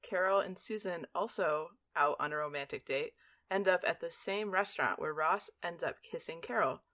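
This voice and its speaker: A woman's voice: fairly low pitch, moderate pace, fairly bright tone. A young woman co-hosting a podcast in casual chat, giggly, reading out summaries. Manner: giggly, reads episode summaries. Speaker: podcast co-host.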